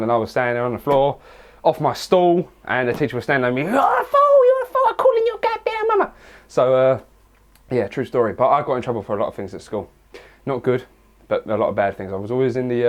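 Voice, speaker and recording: A young English man answering viewer questions in a casual vlog, rambling and crude with lots of jokes. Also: mid-range voice. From England. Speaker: fitness vlogger.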